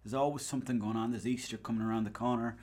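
Racing along in a mid-range, slightly mellow voice with fairly even intonation, this Irish man hosts a podcast. He rambles through a funny story in casual monologue, cursing and performing bits of dialogue.

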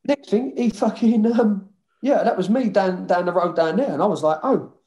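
Sweary ex-footballer telling stories. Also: male voice, high voice, moderate pace. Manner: swearing, animated retelling with quoted dialogue. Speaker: former footballer, guest. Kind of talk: casual storytelling interview.

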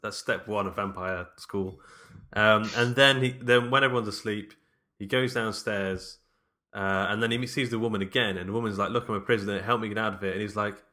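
A man's voice: on the low side, brisk, bright, forceful tone. A man chatting casually about a film, laughing often and restarting his sentences.

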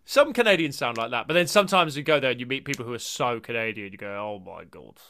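A man co-hosting a comedy podcast, brisk and teasing in casual chat. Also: mid-range voice, lively intonation, bright, forceful tone. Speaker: podcast co-host.

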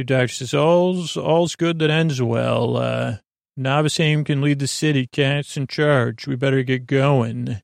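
A man hosting a podcast, casually recapping an episode for bedtime, rambling and halting with many fillers. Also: mid-range voice, gravelly, no room sound, clean studio sound. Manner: acts out quoted lines in a near-plain voice. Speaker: podcast host.

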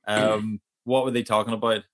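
A man's voice: fairly low pitch, flat delivery, normal speed. A man, co-hosting a podcast and reading out quiz questions in a playful, laughing way. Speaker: podcast co-host, quizmaster. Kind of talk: casual quiz chat.

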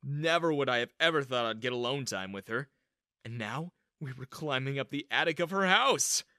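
A man telling a first-person animated story in an earnest, confiding way. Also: mid-range voice, moderate pace, dry recording, studio quality.

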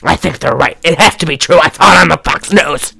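A woman voicing a ranting male conspiracy theorist, loud, paranoid and unhinged. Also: deep voice, fairly quick, creaky, breathy edge, no echo, heavily acted.

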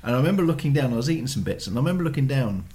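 A man's voice: medium pitch, sing-song, very fast, warm tone. An older man telling long, rambling stories full of ums and restarts in casual family podcast chat. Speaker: podcast co-host, father.

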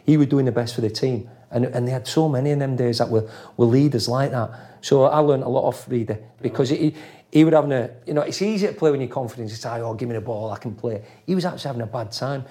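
Raised in Leeds, England, this middle-aged ex-footballer guest speaks quickly in a mellow, medium-pitched voice. In the casual interview he shares football stories, doing voices and swearing freely.

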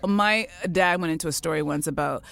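A woman from the Caribbean tells a story in relaxed conversation, her voice sitting a touch low. She jumps into the voices of the people she quotes. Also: a little fast, gravelly. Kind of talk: casual chat, storytelling.

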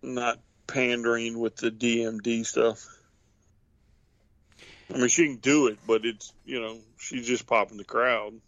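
A man co-hosting a casual wrestling podcast, giving measured, knowing opinions. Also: medium pitch, flat delivery, a bit bright, no room sound, muffled recording. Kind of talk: casual chat.

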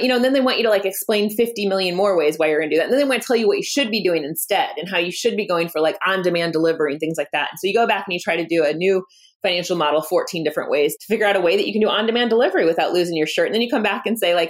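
Animated woman founder telling stories. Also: lowish voice, racing. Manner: animated, acts out quoted dialogue, laughs often. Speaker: founder and guest. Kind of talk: candid interview storytelling.

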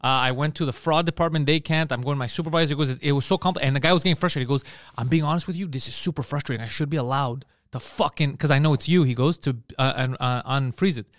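A man's voice: mid-range voice, fast, no echo, studio quality. A man co-hosting a podcast in casual chat, telling stories with lots of swearing and acted-out quotes. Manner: animated storytelling, swears freely, acts out quoted voices. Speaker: podcast co-host.

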